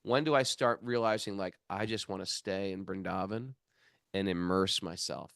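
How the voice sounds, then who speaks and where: A man co-hosting a casual spiritual discussion podcast, an animated storyteller who often restarts his sentences. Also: low-pitched, normal speed, gravelly, clear, resonant tone, dry recording, clean studio sound. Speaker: podcast co-host.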